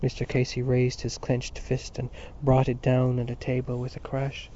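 A man reading a novel aloud as narrator, in a measured, expressive way. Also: medium pitch, a little hiss or hum. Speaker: audiobook reader. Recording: dull lo-fi recording.

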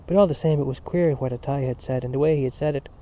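A man's voice: mid-range voice, fast talker, mellow, dull audio. A man reading a novel aloud as scripted narration, with a few slips and restarts. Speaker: audiobook reader.

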